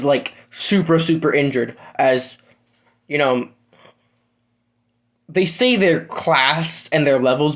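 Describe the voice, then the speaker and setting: A young man casually improvising a fan-fiction story, rambling with lots of fillers and swearing. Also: medium pitch.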